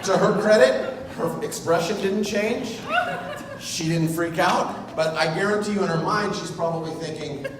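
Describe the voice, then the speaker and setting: A man giving a comedic wedding speech as the groom, telling a self-mocking story with lively energy. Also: high voice, normal speed, crowd noise. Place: large reception hall. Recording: echoey hall, voice from far off, audible room noise.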